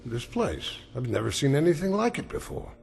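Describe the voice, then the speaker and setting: A gravelly, feverish dying man. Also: mid-range voice, big pitch swings, moderate pace, darkish tone, big-room sound, faint music behind. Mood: bewildered. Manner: pleading, then bitter and defiant. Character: feverish dying man, demanding, terrified of death. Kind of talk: dubbed drama dialogue.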